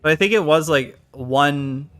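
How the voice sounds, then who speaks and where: A man's voice: a little high, a little slow, fairly bright tone, smooth, faint music behind. A British man rambling casually while reacting to clips on a live stream, often unsure and trailing off.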